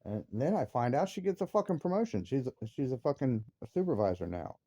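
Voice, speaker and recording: A man's voice: mid-range voice, sing-song, fairly quick, warm tone, no room sound, highs cut off. A man, a father, angrily ranting about his family with heavy swearing, his voice jumping up into outbursts. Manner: angry, profane, voice rising sharply into outbursts. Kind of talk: heated personal rant.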